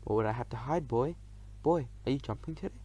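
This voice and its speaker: A man reading an audiobook, voicing the narrator's grown sister, a brisk, teasing and bossy female mouse. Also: medium pitch, mellow, breathy edge, lightly acted. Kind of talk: audiobook character voice.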